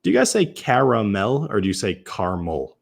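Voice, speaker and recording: A man's voice: medium pitch, huge pitch swings, racing, vocal fry, breathy edge. A man from Massachusetts hosting a casual live-stream whiskey tasting, chatting loosely, often restarting and correcting himself as he answers viewers. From Massachusetts, USA.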